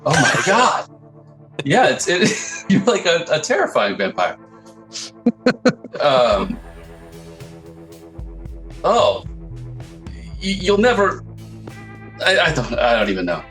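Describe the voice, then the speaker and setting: Male player as a flustered vampire buff, slow and halting, soft music behind. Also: a little high, huge pitch swings, full character voice, low-quality recording. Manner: stammering, hesitant, laughs often. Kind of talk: tabletop role-play in character.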